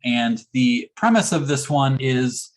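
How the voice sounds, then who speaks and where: A man's voice: mid-range voice, slow. A man giving a motivational keynote talk, telling a story and acting out the dialogue. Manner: animated storyteller who acts out dialogue. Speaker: motivational speaker.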